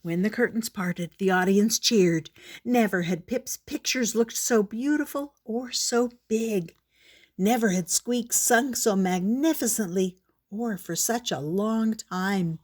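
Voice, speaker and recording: An older woman reading a children's picture book aloud in a gentle, measured storybook manner. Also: mid-range voice.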